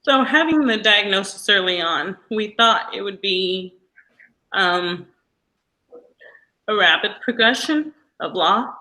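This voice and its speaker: Woman guest on a video call, bright tone, hesitant and tearful. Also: mid-range voice, lively intonation, takes it slowly, pauses often, low-quality recording. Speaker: teacher and interview guest. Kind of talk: personal interview.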